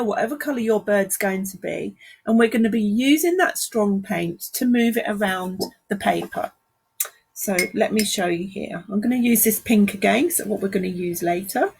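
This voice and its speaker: Husky London woman teaching watercolour live. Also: mid-range voice, normal speed, darkish tone. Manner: chatty, encouraging, greets viewers while painting. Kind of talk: live-streamed painting demonstration. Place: art studio.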